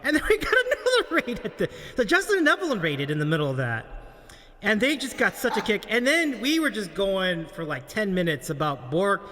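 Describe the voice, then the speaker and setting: A man's voice: high voice, very animated, a little fast, bright, forceful tone. A man hosting a casual livestream talk show, telling a story in a rambling way and laughing often. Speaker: host.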